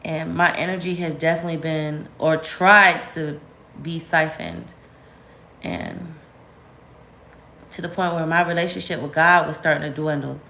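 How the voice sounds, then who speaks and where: Vlogging woman, slightly low voice, candid and slangy, echoey room. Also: a little slow, vocal fry. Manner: candid, animated, slangy, rising sharply when venting. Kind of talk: casual storytime chat to camera.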